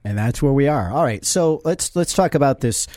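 A man's voice: mid-range voice, lively intonation, moderate pace, a little mellow, dry recording. A man hosting a casual radio interview show from a studio, teasing his guest and reading sponsor copy.

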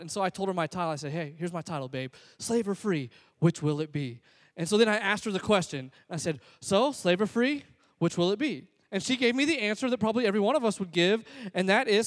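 A man's voice: high voice, a little fast, big-room sound. A man preaching a sermon in an earnest, conversational, self-deprecating way. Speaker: pastor.

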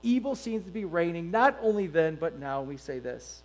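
A middle-aged man preaching a sermon to his congregation, emphatic and animated, full of rhetorical questions. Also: fairly high pitch, moderate pace, few pauses, rough recording. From United States. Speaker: pastor.

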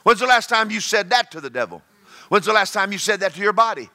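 A man preaching a sermon in a bright, ringing voice that sits a little high. He mixes jokes and folksy asides with loud exhortation, then drops to quiet storytelling. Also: expressive, fast talker.

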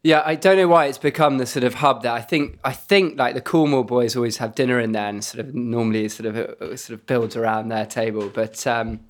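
A man with a mid-pitched voice, co-hosting a relaxed chat. He tells quick, lively anecdotes and laughs as he goes. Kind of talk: casual chat.

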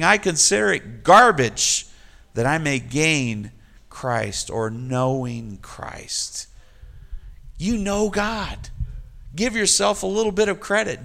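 A man delivers a sermon at an unhurried pace, his voice gravelly and slightly high. He speaks directly to the congregation and leans into emphatic, repeated refrains. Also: fairly bright tone. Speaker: pastor.

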